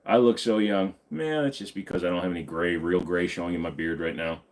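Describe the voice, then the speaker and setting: A man's voice: low voice, a little fast. A man in his forties hosting a live stream Q&A. He talks bluntly and casually and swears freely. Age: 40s.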